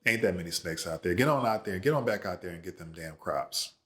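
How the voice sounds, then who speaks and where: A man voicing a stern, gruff old farmer who brushes off his children's fears. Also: deep voice, lively intonation, fairly quick, fairly bright tone. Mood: dismissive. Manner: gruff, dismissive.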